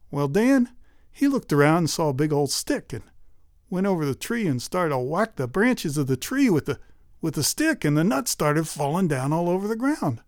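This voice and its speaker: A man spins a folk tale in a folksy, animated voice, fairly high for a man and full of rising and falling pitch. The recording is dry, with no room sound. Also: moderate pace, dry recording. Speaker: storyteller.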